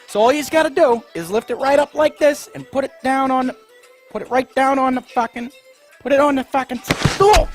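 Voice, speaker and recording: A man doing a crude pitchman. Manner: profane, brash, shouts in pain at mishaps. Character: crude foul-mouthed male infomercial pitchman. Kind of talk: comedy sketch parody ad.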